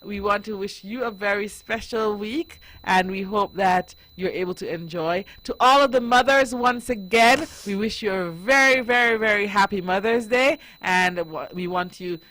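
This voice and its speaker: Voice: medium pitch, moderate pace, hardly any pauses, pushed and bright, low-quality recording. A radio show host chatting casually on air with a young guest in the studio, laughing often and tripping over repeated words.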